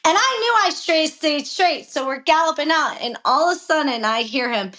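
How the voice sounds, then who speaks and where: Brief: young woman, high voice, brash storyteller, raises her voice to act out quotes, cusses freely. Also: moderate pace, hardly any pauses. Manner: animated, profane, acts out quotes with raised voice. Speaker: professional jockey, podcast guest. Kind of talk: casual storytelling interview.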